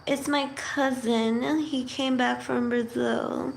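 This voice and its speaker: A woman's voice: sits high, fairly even intonation, slow, vocal fry, echoey room, slight background noise. A woman talking casually on a stream, swearing a lot and moving between spoken verse and irritable rants.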